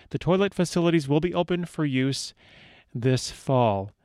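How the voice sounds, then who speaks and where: A man's voice: medium pitch, darkish tone, smooth, no room sound, studio quality. A man hosting a radio show, chatting casually with wry asides between news items and songs.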